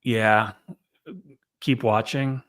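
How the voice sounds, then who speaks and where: A man co-hosting a casual business podcast, giving earnest, steady advice. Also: fairly low pitch, extremely slow. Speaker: co-host, business coach.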